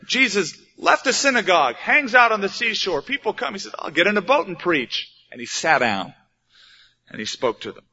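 Pastor, male, plain-spoken sermon delivery with rhetorical questions; forceful tone, muffled lo-fi recording. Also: high voice, very animated, normal speed, breathy edge. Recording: dull lo-fi recording.

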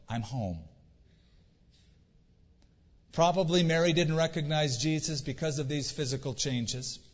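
Male pastor, earnest sermon delivery, somewhat high voice, dull recording with long church echo. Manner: earnest preaching with dramatic pauses and rhetorical questions.

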